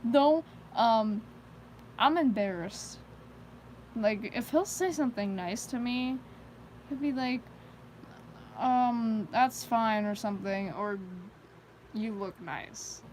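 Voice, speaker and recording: A woman's voice: on the high side, slow pace, long pauses, a little mellow, slight background noise, poor audio. A teenage girl chatting casually on a live stream, rambling with many fillers and frequent giggles. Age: teens. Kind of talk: casual chat.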